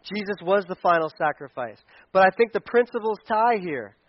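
High-pitched guy preaching, chatty and lively, acting out what people say, dry dull sound. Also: moderate pace, dry recording. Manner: energetic, conversational preaching with acted-out quotes. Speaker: pastor. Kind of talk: sermon.

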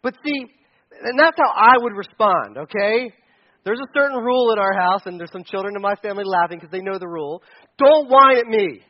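A man's voice: sits high, fast talker. A man preaching a sermon as pastor, conversational with casual asides, in a dull lo-fi recording. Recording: dull lo-fi sound.

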